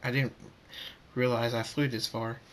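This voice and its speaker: A man doing a calm, quiet pony king. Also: mid-range voice, a little slow, lightly acted.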